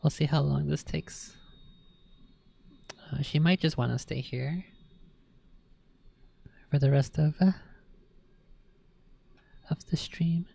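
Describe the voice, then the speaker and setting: A woman hosting a casual livestream, chatting loosely and often slipping into soft whispers and baby talk to her cat at her desk. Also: low voice, takes it slowly, gravelly, pauses often, breathy edge, no echo. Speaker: livestream host. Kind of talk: casual stream chat.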